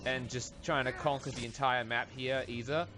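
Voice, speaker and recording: A man's voice: medium pitch, fairly even intonation, moderate pace. Rambling man narrating a strategy game. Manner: rambling, self-interrupting, chuckling asides. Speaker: let's play host. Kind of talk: casual gameplay commentary.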